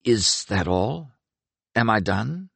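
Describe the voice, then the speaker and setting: A man's voice: on the low side, sing-song, takes it slowly, vocal fry, fairly bright tone, slightly rough, dry recording, full character voice. A man voicing an earnest young shaman who speaks breathlessly and urgently in an audiobook.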